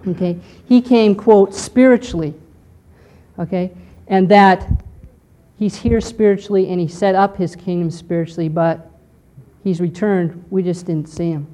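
A woman teaching a history lesson to a class, explaining step by step and often pausing to check in with "okay". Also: lowish voice, steady tone, dark tone. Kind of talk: lecture on church history.

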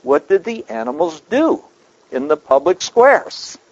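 A man's voice: high voice, big pitch swings, measured pace, breathy edge, highs cut off. A man preaching a sermon, emphatic, asking rhetorical questions and repeating his key points.

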